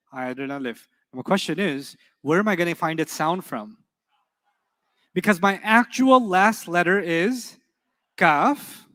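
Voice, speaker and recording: A man with a high voice leads a classroom grammar lesson, firing quick questions at his students and teasing them playfully. His voice rings with a long hall reverb. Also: fairly bright tone. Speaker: Arabic teacher.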